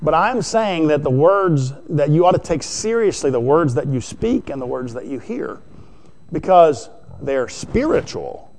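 A man's voice: on the high side, big pitch swings, measured pace, darkish tone. Conversational man preaching a sermon. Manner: conversational preaching, asks the congregation questions. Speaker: pastor.

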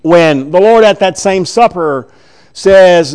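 A man preaching a sermon, retelling scripture in an animated, chuckling storytelling way. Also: sits high, slow pace, clear, resonant tone.

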